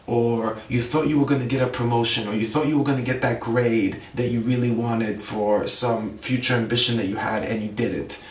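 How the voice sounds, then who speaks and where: A man teaches English vocabulary in a relaxed, chatty way and keeps asking his listeners "okay?" as he goes. His voice sits in a middle register. It is picked up from a little way off the mic, in a room that gives it a noticeable echo. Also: medium pitch, normal speed, few pauses, recorded from a distance. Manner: conversational, frequent "okay?" check-ins, acts out example phrases. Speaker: ESL teacher, podcast host. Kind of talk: casual vocabulary lesson.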